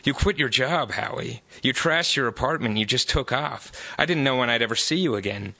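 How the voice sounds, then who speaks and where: A man's voice: fairly low pitch, fairly even intonation, brisk, creaky, a bit bright, no echo. A man voicing a worried, exasperated young woman in a live book reading, pleading and growing angry. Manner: pleading, rising anger. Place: bookstore.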